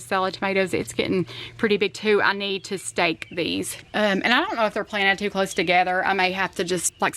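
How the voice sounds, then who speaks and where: Middle-aged woman, chatty vlogging mom, bright forward tone, roomy echo. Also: medium pitch. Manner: chatty, earnest, rambling asides. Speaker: family vlogger, mother. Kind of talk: casual chatty vlog. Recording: roomy echo, faint background noise.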